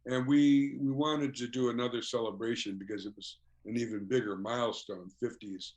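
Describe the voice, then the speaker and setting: A man's voice: medium pitch, steady tone, normal speed, a little mellow. Older man telling stories with chuckles. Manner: chuckles often, fills with "you know". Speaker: guest musician. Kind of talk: casual interview storytelling.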